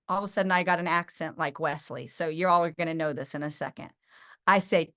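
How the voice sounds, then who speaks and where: A woman trainer teaching her team, telling stories and acting out phone calls with lively energy. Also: medium pitch, moderate pace. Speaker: sales trainer.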